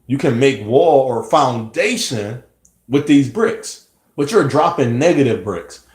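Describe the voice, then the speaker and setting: A man's voice: medium pitch, expressive, unhurried, a little mellow. Earnest rambling man in an echoey room. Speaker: vlogger. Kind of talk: personal monologue to camera.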